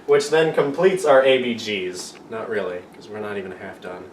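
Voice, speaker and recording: A man gives a loose, playful lesson, wandering off track and making fun of himself. He is recorded from well back in an echoing room with a faint hiss behind him. His voice sits at an ordinary pitch. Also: lively intonation, normal speed. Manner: rambling, self-mocking, playful. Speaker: amateur video teacher. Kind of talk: casual joking lesson. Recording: roomy echo, far from the mic, faint room noise.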